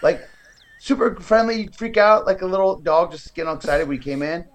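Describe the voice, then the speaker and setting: A man in his forties chats as a podcast guest, telling stories with animated energy. He jumps into quoted voices as he goes, all while feeding a baby. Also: high voice, brisk. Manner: animated storyteller who acts out quoted voices. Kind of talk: casual interview chat.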